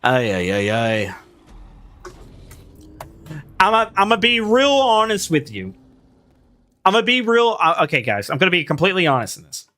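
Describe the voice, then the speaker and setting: Young male streamer, bright and animated, casual reactive gameplay commentary. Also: high voice, brisk. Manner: reactive, swearing, talks to himself and chat.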